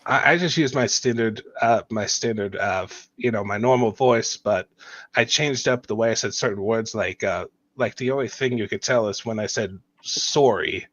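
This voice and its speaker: A man in casual chat, hesitant and stammering as he restarts his sentences. His voice sits at an ordinary pitch, and the sound is dull and dry, like a lo-fi mic. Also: normal speed, a bit bright, no room sound. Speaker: voice actor.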